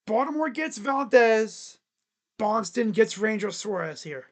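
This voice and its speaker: A sports channel host chatting casually on a live stream, making predictions in a jokey, rambling way with sudden shouted bits. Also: medium pitch, animated, measured pace. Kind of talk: casual live-stream commentary on baseball free agents.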